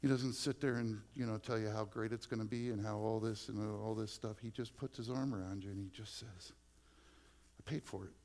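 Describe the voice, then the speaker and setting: A man's voice: on the low side, steady tone, brisk, few pauses, darkish tone. A male pastor preaching a conversational sermon full of personal stories, often dropping to a near-whisper for emphasis.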